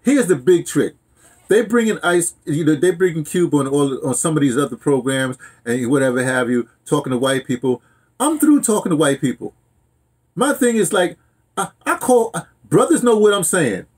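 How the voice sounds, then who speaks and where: Uomo dalla voce roca e acuta, molto espressiva. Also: male voice, fairly high pitch, animated, moderate pace, darkish tone, breathy edge. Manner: emphatic, repeats words while building a point. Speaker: podcast host. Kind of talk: casual chat.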